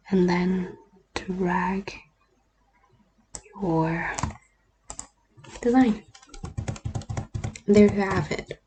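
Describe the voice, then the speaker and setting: Soft-spoken woman not native to english, walking thru an editing tutorial, warm low-key voice, kinda half whispering. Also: a little hiss or hum. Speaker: YouTuber. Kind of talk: screen-recorded editing tutorial. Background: faint keyboard and mouse clicks.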